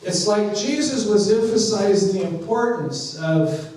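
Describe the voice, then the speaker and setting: Male pastor, slow unhurried sermon delivery, playful acted-out dialogue, roomy distant church recording. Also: sits high, animated, darkish tone. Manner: conversational, acts out dialogue with playful humor. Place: church sanctuary. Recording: echoey church from a distant mic.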